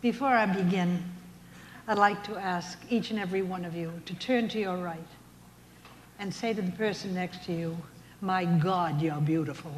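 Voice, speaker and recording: A woman's voice: lowish voice, normal speed, a little hiss or hum. A woman in her seventies doing a chatty stand-up routine on a casino stage, telling stories and acting out the punchlines. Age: 70s. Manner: chatty storytelling with voiced punchlines. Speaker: stand-up comedian. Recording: echoey hall with faint ambience.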